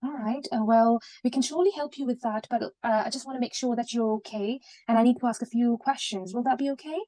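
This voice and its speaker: A woman's voice: fairly high pitch, fast talker, dark tone. A woman acting as a junior doctor in a mock consultation, polite and reassuring, with many fillers. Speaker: student doing a mock consultation. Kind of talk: role-play clinical consultation.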